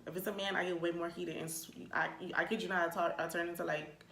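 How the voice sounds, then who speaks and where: Animated swearing young woman vlogger. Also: lowish voice, fast talker, creaky, slight background noise. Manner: animated, swears freely, says "like" often. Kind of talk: storytime rant. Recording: echoey room.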